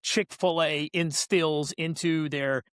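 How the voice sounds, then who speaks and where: A man with a slightly high voice hosts a podcast, dry and close on the microphone. He chats casually, jokes along with his guest and recaps what the guest has just said. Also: steady tone, slow, fairly bright tone, smooth, no echo. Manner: friendly and joking, sums up the guest's points. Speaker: podcast host. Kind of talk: casual interview chat.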